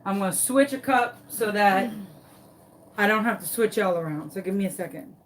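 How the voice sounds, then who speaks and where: A woman chatting to her viewers while she works on a craft project. She tells her story dramatically and animatedly, with a friendly, casual directness, in a voice of middling pitch. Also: lively intonation, normal speed, a little hiss or hum. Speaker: craft tutorial host.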